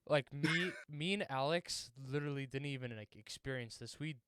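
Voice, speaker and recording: Young man with a crisp, dry voice. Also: mid-range voice, normal speed, a bit bright, no echo. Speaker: podcast co-host. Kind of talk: casual chat.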